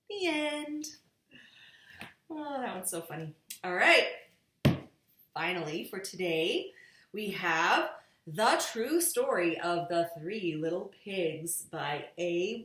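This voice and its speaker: Woman storyteller, slow and lively children's read-aloud, roomy sound. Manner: playful, voices each character with big pitch jumps. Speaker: storyteller reading picture books to her nieces.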